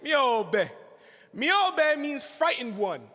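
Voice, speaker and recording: A man's voice: very high-pitched, lively intonation, slow, bright, forceful tone. A man who co-hosts a radio show, giving a rousing fundraising speech and telling a story live, with call-and-response. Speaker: radio co-host, fundraiser speaker. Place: church hall, live event. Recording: reverberant church hall.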